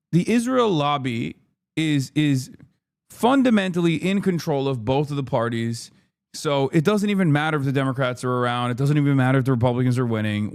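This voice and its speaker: A man's voice: on the high side, no room sound, studio quality. A man hosting a live stream, giving heated, profane political commentary and sometimes slipping into mocking put-on voices. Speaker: streamer host.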